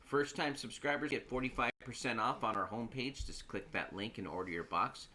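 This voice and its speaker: A man's voice: mid-range voice, fairly quick, bright, forceful tone, a little hiss or hum. A man in his thirties hosting a casual live stream, rambling with many fillers and laughing easily. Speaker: host.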